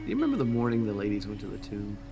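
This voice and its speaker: A patient, unhurried Jesus, played by a man in a church skit film. His voice is low and gravelly, and guitar music plays clearly behind him. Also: wildly swooping pitch, full character voice. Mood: gentle. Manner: gentle, questioning, unhurried. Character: calm, patient risen Jesus, adult man.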